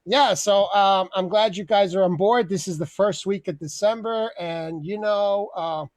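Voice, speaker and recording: A man's voice: sits high, measured pace, no room sound. A man hosting an online open mic over a video call, rambling through a comic rant, laughing often and swearing freely. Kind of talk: casual comedic rant.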